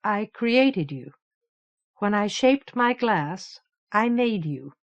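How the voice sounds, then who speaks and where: A woman's voice: mid-range voice, lively intonation. Woman reading a brooding young man, guarded. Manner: withdrawn, measured, muffled. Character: troubled young male imager, brooding. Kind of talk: audiobook character reading.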